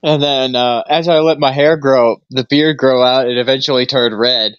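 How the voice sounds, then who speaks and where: A man's voice: mid-range voice, steady tone, moderate pace, fairly bright tone, clean tone, no room sound, muffled recording. A young man co-hosting a casual chat, rambling through a story, laughing often and acting out what others said. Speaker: podcast co-host.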